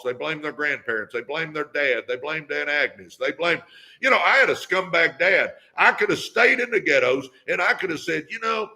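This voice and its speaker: Older guy hyping up his viewers, high bright voice, preachy and pumped, keeps repeating his catchphrases. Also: creaky. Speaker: podcast host. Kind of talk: motivational live-stream talk.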